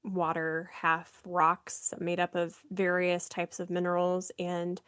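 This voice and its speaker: A woman's voice: on the low side, monotone, takes it slowly, fairly bright tone, clear, resonant tone, no room sound, clean studio sound. A woman from Nebraska co-hosting a podcast, talking in a chatty, rambling way with frequent giggles. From Nebraska, United States. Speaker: podcast co-host. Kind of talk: casual chat.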